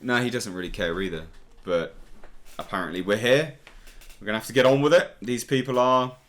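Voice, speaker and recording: A man's voice: mid-range voice, brisk, a bit bright. A man hosting a casual pop-culture commentary video, talking in a sarcastic, exasperated way. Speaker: YouTube commentary host.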